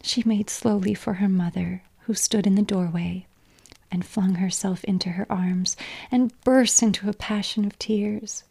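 Breathy whispering woman storyteller. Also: medium pitch, steady tone. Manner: soft, slow whispered reading.

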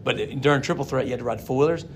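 A man's voice: medium pitch, rapid-fire, a little hiss or hum. A man hosting a casual podcast as a monster truck driver, rambling with lots of restarts and frequent laughter.

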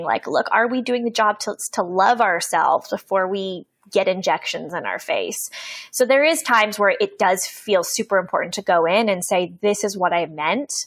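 A woman's voice: medium pitch, fairly bright tone, no room sound. A woman from Canada, a guest in an interview, talking candidly in an earnest, reflective way, swearing freely, with many fillers and restarts. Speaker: interview guest, poet and coach.

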